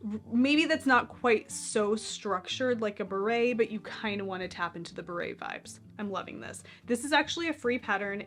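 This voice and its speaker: Chatty young woman, knitting podcast host, mid-pitched, faint music underneath. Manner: chatty, enthusiastic, self-deprecating. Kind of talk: casual chat about knitting patterns.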